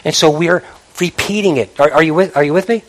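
A man preaching a sermon as pastor, animated, repeating words for emphasis and mimicking idle chatter. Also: a little high, a little fast.

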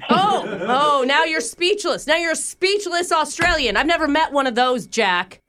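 A woman's voice: sits high, lively intonation, moderate pace, bright, forceful tone, slight background noise. A woman hosting a morning radio show, running a prank call in a sarcastic, indignant, theatrical way. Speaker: radio host.

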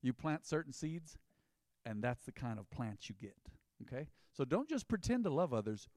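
A man's voice: mid-range voice, sing-song, moderate pace, a little mellow, dry recording, studio quality. A man preaching a sermon as pastor, in an emphatic, conversational style with rising bursts.

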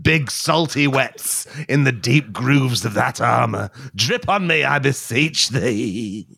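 A man's voice: medium pitch, lively intonation, slow pace, gravelly, pushed and bright, breathy edge, exaggerated voice. A man voicing a parched, self-pitying man who begs for water in mournful, theatrical, mock-archaic speech, improvised for comedy. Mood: woeful, pleading. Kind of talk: comedic improvised voice acting on a podcast.

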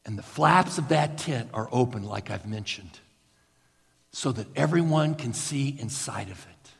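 A man preaching a sermon as a slow, guided story, swinging from loud bursts to hushed near-whispers. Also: medium pitch, animated, gravelly, in a large hall. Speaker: pastor.

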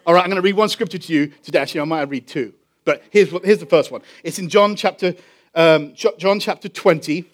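A man with an English accent, a pastor telling a story in a sermon, animated and drawing out key phrases slowly for emphasis. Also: a little high. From England.

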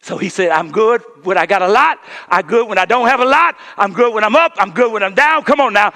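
A man preaching a sermon as pastor, calling on the congregation to respond, moving between quiet asides and shouted peaks and repeating words in bursts. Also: high voice, brisk.

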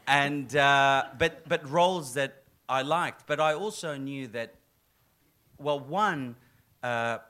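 Middle-aged aussie guy, actor in an interview, lively storyteller doing little voices for quotes. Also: mid-range voice, slow pace. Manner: animated storyteller, acts out quoted lines, laughs often. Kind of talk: casual interview chat.

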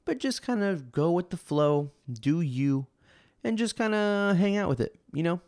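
A man's voice: sits high, expressive, a little slow, darkish tone, no echo, clean studio sound. A young man hosting a podcast alone, telling rambling, self-amused stories full of fillers and restarts. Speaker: podcast host. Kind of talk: casual solo storytelling.

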